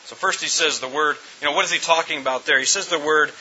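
A man's voice: a little high, fast talker, sharp tone. A middle-aged man preaching a sermon as pastor, emphatic, often repeating words and restarting his phrases. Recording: dull lo-fi recording with faint hiss.

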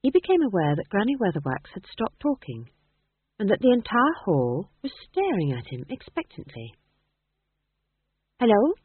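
A woman tells the story in a wry, measured way, and her voice rises and falls a great deal. The sound is thin and phone-like, dry and close, with a slight huskiness. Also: mid-range voice, huge pitch swings, slightly rough, no room sound. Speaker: audiobook narrator. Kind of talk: scripted narration.

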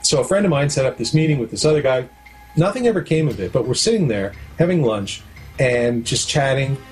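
Speaking a little fast and with animation, a middle-aged Canadian man with a medium-pitched voice talks frankly about his work as a documentary producer and director in a casual interview. He explains with homely comparisons and a storyteller's ease while faint music plays softly underneath.

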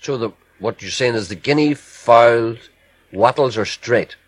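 A man's voice: medium pitch, unhurried, husky, dry recording. A man hosting a radio chat, teasing his guest and breaking in to pin down details. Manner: teasing, interrupting to clarify. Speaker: radio host.

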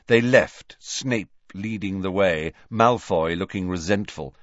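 A man's voice: low-pitched, takes it slowly, no room sound, highs cut off. A man reading an audiobook aloud as its narrator. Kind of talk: scripted narration.

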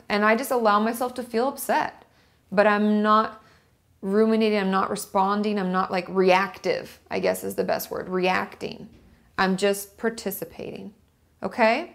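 A woman talks straight to her camera in a casual, chatty way, walking through ideas step by step and glancing at her notes. Her mid-pitched voice has a gravelly, creaky edge. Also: moderate pace. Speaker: vlogger. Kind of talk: casual teaching monologue to camera.

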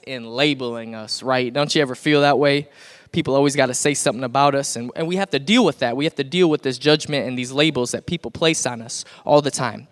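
Animated young male youth pastor. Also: on the high side. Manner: playful, animated storytelling with asides to the crowd. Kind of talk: youth sermon. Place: church sanctuary.

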